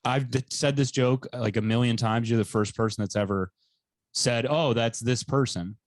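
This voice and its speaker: A man's voice: mid-range voice, moderate pace, dry recording. Heated storytelling young man, dry sound. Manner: animated storytelling, swears freely, gets heated and loud. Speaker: podcast co-host and stand-up comedian. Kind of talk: casual chat, storytelling.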